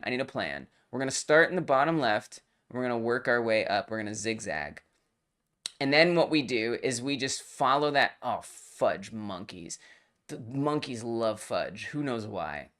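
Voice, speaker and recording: Casual streamer: live gameplay commentary, easily worked up, playful and jokey. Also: medium pitch. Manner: excitable, swings from mock rage to giggly chatter; playful made-up exclamations. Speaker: live-stream host playing game jam entries. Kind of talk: live game-playing commentary.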